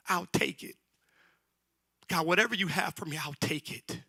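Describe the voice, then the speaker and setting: Animated preacher, shouting then whispering. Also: male voice, fairly high pitch, moderate pace, creaky, husky, dry recording. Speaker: pastor. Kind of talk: sermon. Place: church sanctuary.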